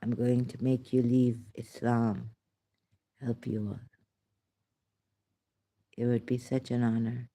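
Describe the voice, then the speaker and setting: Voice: mid-range voice, level tone, slow, long pauses, mellow. A vlogger talking in a rambling solo monologue, laughing often and sighing between thoughts.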